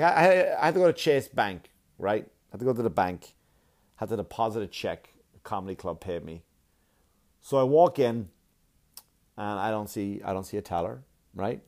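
Profane, animated male stand-up comic. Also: fairly low pitch. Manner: profane, animated storytelling with exaggerated quoted voices. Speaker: stand-up comedian. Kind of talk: stand-up comedy set.

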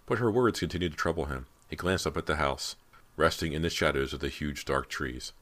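A man's voice: extremely low pitch, fairly quick, a bit bright. A man narrating a horror audiobook with dramatic storytelling.

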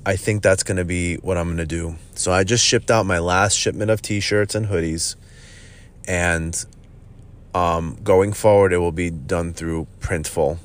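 With a low, unhurried voice and fairly even intonation, a gym owner hosting a podcast talks bluntly in a casual monologue, swearing and addressing listeners as "bro."

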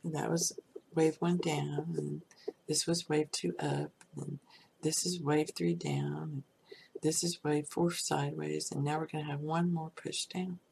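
A middle-aged woman telling a personal story in a rambling way, full of "you know" asides and breathy, half-whispered stretches. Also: deep voice, flat delivery, unhurried, a little mellow, slight background noise. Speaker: storyteller recounting a personal crisis. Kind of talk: personal testimony.

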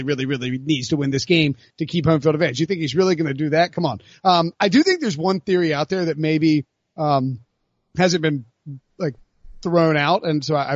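A man hosting a casual sports podcast, talking in an animated way with lots of fillers and restarts. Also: on the high side, dry recording, muffled recording. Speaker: podcast host.

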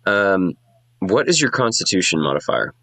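A man's voice: low voice, sing-song, sharp tone, no echo, rough recording. A man running a tabletop game as game master, talking casually with plenty of fillers. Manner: casual, quick, lots of fillers.

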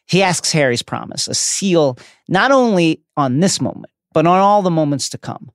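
A man's voice: on the high side, animated, moderate pace, dry recording, studio quality. A man co-hosting a book discussion podcast, who reads passages aloud and adds emphatic asides. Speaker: podcast co-host.

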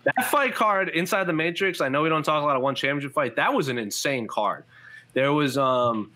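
A man's voice: a little high, expressive, a little fast, pushed and bright. A man hosting a fight-sports podcast, rambling through lists of matchups with lots of fillers in casual chat. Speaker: MMA podcast host. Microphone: headphones and studio mic.

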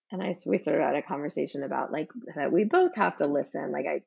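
Woman guest, gravelly husky voice, thoughtful and halting, dull lo-fi sound. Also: sits low, expressive, darkish tone. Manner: reflective, halting, many fillers. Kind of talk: personal storytelling interview. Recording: dull lo-fi recording.

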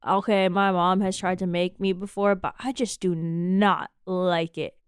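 A woman's voice: fairly low pitch, level tone, unhurried, clear, resonant tone, dry recording, studio quality, natural voice. A woman playing a blunt, mocking teenage girl in an improvised comedy scene, drawing out her words in disgust. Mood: sassy. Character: sassy, picky teenage girl who acts tough.

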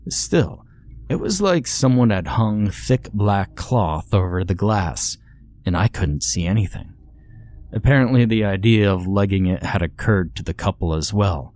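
A man narrating a horror story in a measured, grim storytelling manner. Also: lowish voice, animated, a little mellow.

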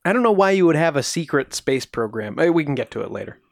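A man's voice: fairly high pitch, big pitch swings, fast, vocal fry, no room sound, clean studio sound. A man co-hosting a casual podcast who cuts in with jokes and skeptical questions. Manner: jokey, skeptical interjections and questions. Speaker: podcast co-host. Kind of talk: casual chat.

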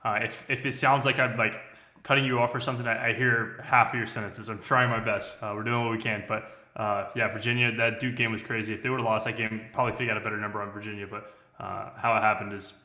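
Guest bettor, male, bright forceful voice, echoey room over a call. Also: lowish voice, level tone. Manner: quick, filler-heavy, uh-laden. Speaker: guest handicapper. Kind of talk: casual betting analysis on a video call. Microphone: phone hotspot video call.

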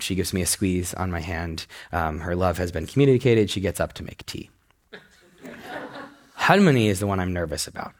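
A young man telling a personal story in a talk, animated and laughing as he goes. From United States. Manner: animated, laughing storyteller who jumps up in pitch. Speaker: speaker giving a talk.

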